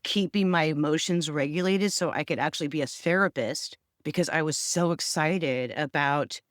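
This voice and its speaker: A woman's voice: sits low, moderate pace, dry recording. Middle-aged woman vlogger, radio and therapist background; heartfelt, candid delivery, dry sound. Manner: emotional, candid, tearful at times. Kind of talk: personal vlog monologue.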